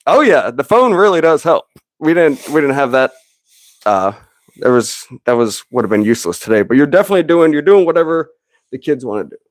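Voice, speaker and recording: A man's voice: a little high, very animated, a little fast, dry recording, clean studio sound. A man in his thirties hosting a podcast, chatting casually, rambling and laughing often as he acts out little quotes. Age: 30s. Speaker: podcast host. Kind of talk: casual chat.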